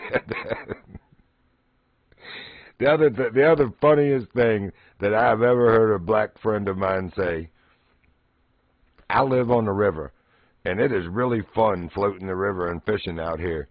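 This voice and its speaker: A man's voice: on the low side, moderate pace, no room sound, muffled recording. A man streaming, chatting casually while fishing in a game and laughing often as he tells stories.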